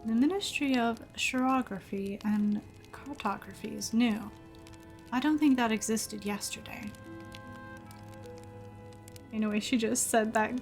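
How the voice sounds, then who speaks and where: A woman's voice: fairly high pitch, a little slow, soft background music. A young woman streaming a story game, reading its text aloud and reacting with frequent laughs in casual commentary.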